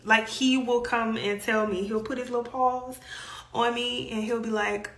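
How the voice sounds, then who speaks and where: A woman's voice: a little high, steady tone, a little slow. Chatty Southern woman coaching in echoey room. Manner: chatty, emphatic, playful asides. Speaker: self care coach and host. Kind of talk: casual advice monologue.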